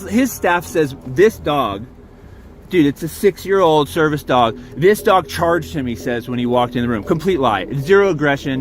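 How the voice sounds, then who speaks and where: Heated, profane man telling his story. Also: fairly high pitch. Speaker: RV park guest filming his own encounter. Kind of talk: agitated recounting and confrontation.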